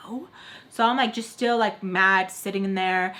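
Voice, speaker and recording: A young woman vlogger recounting a story straight to camera, chatty and filler-heavy. Her pitch sits in an ordinary middle range, and her tone stays blunt and fed up as she talks. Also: steady tone, unhurried, a bit bright. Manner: frustrated, blunt tone. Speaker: beauty vlogger. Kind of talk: casual storytime.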